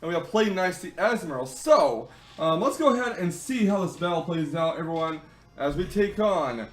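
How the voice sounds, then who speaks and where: A young man hosting a gaming channel, chatting through a game battle with frequent ums and quick self-corrections. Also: fairly high pitch, animated, soft background music. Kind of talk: casual battle commentary.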